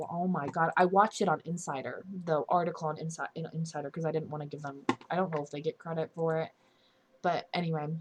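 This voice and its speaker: A young woman giving an indignant, earnest opinion commentary for her channel, often restarting and correcting herself mid-sentence. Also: on the low side. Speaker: commentary YouTuber.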